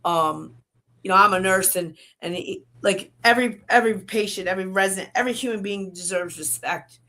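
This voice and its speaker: A woman's voice: medium pitch, fairly quick, pushed and bright. A woman guest telling a painful personal story in conversation, rambling and heated, with many restarts.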